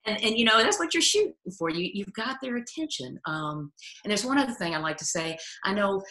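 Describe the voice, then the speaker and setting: A woman's voice: medium pitch, expressive, brisk, sharp tone, echoey room. An older woman, a retired biologist, telling stories animatedly in an interview and laughing often. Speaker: retired aquatic biologist and educator. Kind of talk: casual interview chat.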